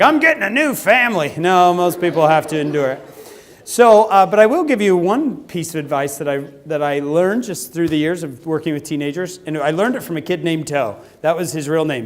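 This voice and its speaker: Guy talking to teens at a conference, funny stories, kinda high voice. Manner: animated storytelling with acted quotes. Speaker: youth speaker. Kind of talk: humorous talk to teenagers. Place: conference hall.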